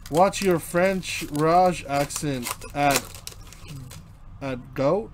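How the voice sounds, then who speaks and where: A man's voice: fairly high pitch, extremely slow, background noise. A man hosting a live card break. He reads out player names as he opens the packs and chats casually with viewers. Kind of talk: live card-opening commentary.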